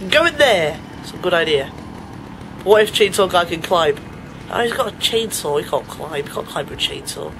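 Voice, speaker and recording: A man commentates a game as he plays it, swinging from joking to panicked shouts and laughter. His voice sits high. Clear noise runs under the home recording. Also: expressive, normal speed. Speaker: gamer. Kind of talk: let's play commentary.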